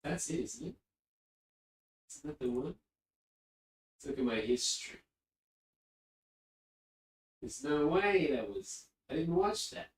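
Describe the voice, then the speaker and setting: A man's voice: on the high side, big pitch swings, takes it slowly, pauses often. A man streaming live and chatting casually, rambling and easily distracted, sitting far from his mic. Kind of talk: casual livestream chat. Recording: echoey room, distant mic.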